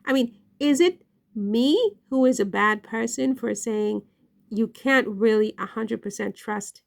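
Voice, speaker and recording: A woman's voice: on the high side, unhurried, gravelly. A woman giving casual online commentary, emphatic and questioning, often checking in with "right?".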